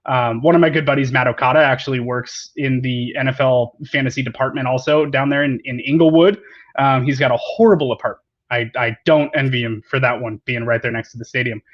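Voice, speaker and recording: A man's voice: medium pitch, fairly even intonation, fairly quick. A man co-hosting a football podcast, chatting in an easygoing, joking way with lots of fillers. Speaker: podcast co-host. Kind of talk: casual podcast chat. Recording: dull lo-fi remote audio.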